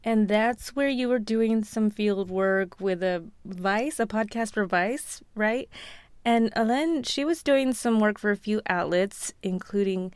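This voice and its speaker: A woman's voice: medium pitch, a little slow, clear, resonant tone, no echo. Playful woman podcast co-host. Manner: playful, enthusiastic. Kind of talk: conversational podcast.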